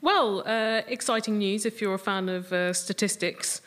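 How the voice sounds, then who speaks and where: A woman's voice: medium pitch, normal speed, a bit bright. A woman panellist on a comedy news quiz, chatting wryly with jokey asides. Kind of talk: comic panel banter.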